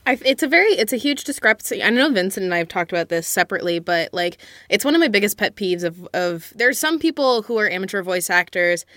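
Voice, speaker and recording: A woman's voice: medium pitch, expressive, quick pace, hardly any pauses, fairly bright tone, no echo, studio quality. A woman voice actor chatting casually and emphatically on a podcast. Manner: chatty, emphatic, laughs often. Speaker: voice actor guest. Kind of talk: casual chat.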